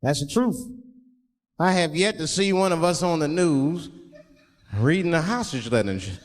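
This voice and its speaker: A male stand-up comedian tells his stories in a loose, slangy, conversational way, with a lively, bouncing pitch that sits a little high. His voice carries a long reverb from a large performance hall. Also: normal speed, pauses often.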